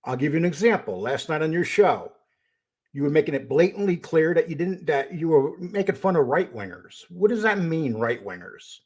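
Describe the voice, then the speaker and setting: An older man with a husky, slightly raspy voice hosts his own live stream. His pitch sits a little high for a man and swings widely as he talks. He reads out viewer names and speaks bluntly when he argues a point. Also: animated, moderate pace, darkish tone. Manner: greets viewers by name, then turns confrontational. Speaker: host of a live stream show. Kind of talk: casual live-stream talk.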